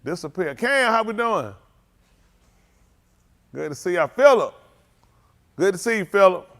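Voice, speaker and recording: Man, high voice, congregation leader, casual teasing shout-outs to viewers. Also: very animated, measured pace. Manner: joking, teasing, calls out names. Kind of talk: casual livestream greetings.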